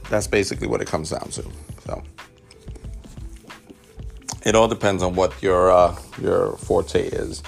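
A man from the South Bronx hosting a casual podcast, joking and rambling with his mouth full. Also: lowish voice. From South Bronx, New York. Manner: joking, self-mocking, rambling. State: talking with mouth full of potato. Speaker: podcast host, father.

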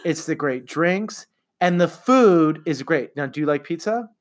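A middle-aged man chatting casually on a podcast, animated and quick to laugh, with some swearing. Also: a little high. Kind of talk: casual chat.

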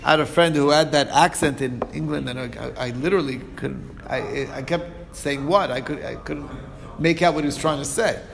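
A man teaching an informal Talmud lesson, talking in a halting way with many fillers and restarts. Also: on the high side, gravelly, big-room sound.

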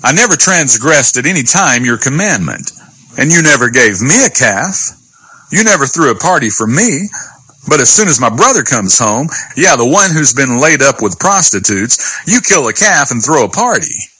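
A man's voice: medium pitch, very animated, normal speed, pushed and bright, breathy edge, no room sound, heavily acted, rough recording. A man voicing a resentful older brother who complains bitterly to his father in a retold Bible story. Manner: complaining, aggrieved.

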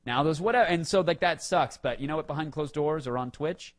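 Animated higher-voiced man telling stories. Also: a little fast. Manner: animated, swings loud and quiet. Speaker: podcast host. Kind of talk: casual comedic storytelling.

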